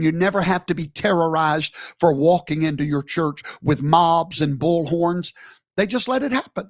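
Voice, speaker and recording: A man hosting emphatic, preaching-style commentary, firing off rhetorical questions with big jumps in pitch. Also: lively intonation, normal speed, dry recording, clean studio sound. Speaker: host.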